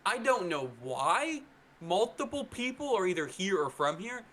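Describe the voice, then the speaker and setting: A man's voice: high-pitched, unhurried. A man co-hosting a podcast, telling casual anecdotes in a rambling way, full of "like" and quoted voices. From North Carolina. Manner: rambling storyteller, lots of "like", does excited voices for people he quotes. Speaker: podcast co-host. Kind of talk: casual chat.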